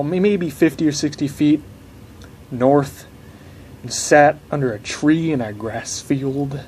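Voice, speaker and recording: A man's voice: mid-range voice, a little hiss or hum. A young man telling a long personal story in a rambling, blunt way, swearing often. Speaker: vlogger. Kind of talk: casual storytelling to camera.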